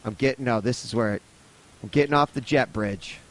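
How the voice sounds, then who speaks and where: Animated, swearing man telling a story. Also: mid-range voice, fairly quick. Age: 30s. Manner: animated, profane, rambling. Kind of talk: casual storytelling.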